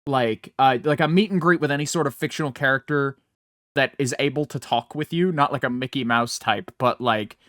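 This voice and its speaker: A man's voice: medium pitch, a little fast, a bit bright, no echo, clean studio sound. A man co-hosting a podcast in casual chat, rambling and swearing freely, laughing often. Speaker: podcast co-host.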